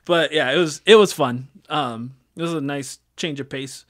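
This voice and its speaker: A man's voice: a little high, steady tone, a little fast, hardly any pauses, fairly bright tone. A man in his thirties hosting a gaming podcast in casual chat, rambling with many fillers and restarts. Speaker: podcast host.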